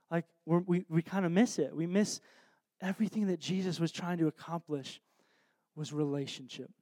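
A man preaching in a casual, earnest way, often trailing off into soft, quiet phrases. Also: high voice, dry recording. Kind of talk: conversational sermon.

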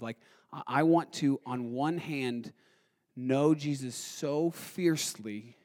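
A young adult man preaching a sermon, talking casually and with feeling, his delivery moving between quick, loud bursts and slow, quiet stretches. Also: medium pitch. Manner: animated, swings from fast and loud to quiet and slow. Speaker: pastor.

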